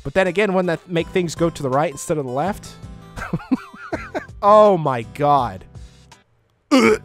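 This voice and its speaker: Man, gaming commentator, lively swooping delivery, self-mocking jokes, frequent laughs, faint music behind. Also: on the high side, moderate pace. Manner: joking and self-mocking, laughs often, sudden excited outbursts. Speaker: gaming YouTuber. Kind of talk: casual gameplay commentary. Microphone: close microphone.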